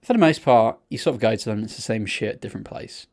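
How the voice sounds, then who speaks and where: A man co-hosting a casual podcast, telling rambling, sweary anecdotes in a relaxed chatty way. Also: lowish voice, fast, gravelly. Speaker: podcast co-host.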